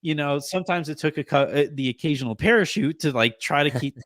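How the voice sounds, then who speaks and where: A man in his thirties hosting a sports podcast from home, holding back tears as he gives a rambling, halting thank-you full of restarts and fillers. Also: fairly high pitch, a bit bright, no room sound. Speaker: podcast host.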